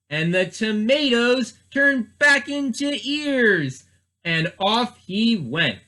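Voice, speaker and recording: A man's voice: sits high, bright, forceful tone. A man, a children's librarian, reading a storybook aloud expressively and asking the listeners questions.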